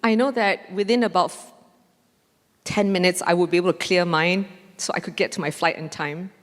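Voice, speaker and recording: A woman, a mindfulness trainer telling a lively story on stage in a conference talk. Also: fairly low pitch, moderate pace. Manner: animated, acts out dialogue with laughs. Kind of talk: storytelling lecture. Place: large conference hall. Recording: long hall reverb.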